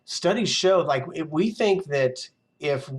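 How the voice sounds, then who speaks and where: A man coaching in a casual, animated motivational talk, now and then acting out his own inner voice. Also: a little high, takes it slowly. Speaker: success mindset coach.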